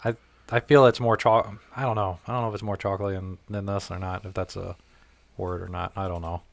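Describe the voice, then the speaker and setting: This podcast host has a low voice with vocal fry and talks fast. In loose conversation he recounts a story, swearing without restraint and dramatizing what others said.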